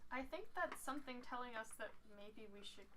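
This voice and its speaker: A woman's voice: fairly high pitch, animated, a little fast, distant mic, noisy background. A woman player in a tabletop game, wryly describing what her character does. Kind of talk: casual tabletop play.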